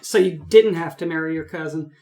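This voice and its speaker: A man's voice: on the high side, fairly quick, warm tone, reverberant, faint music behind. A man co-hosting a podcast, talking hesitantly with many fillers in a casual chat. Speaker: podcast co-host.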